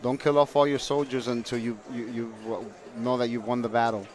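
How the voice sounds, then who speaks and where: A man's voice: mid-range voice, flat delivery, a little fast. A man sitting in as a guest commentator on a pool match, explaining strategy with analogies. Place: commentary booth at a billiards hall.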